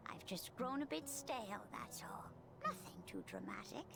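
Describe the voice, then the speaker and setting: A woman voicing a frail, gentle elderly female cookie in a game, speaking in a creaky, breathy half-whisper. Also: mid-range voice, big pitch swings, music in the background. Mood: wistful. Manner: soft, slow and tender. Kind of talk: game voice acting.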